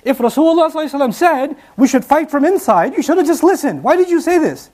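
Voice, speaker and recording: A man's voice: extremely high pitch, expressive, rapid-fire, darkish tone, pitched above the performer's own voice. A man voicing stern senior male warriors who scold younger men with indignant questions in a retold story.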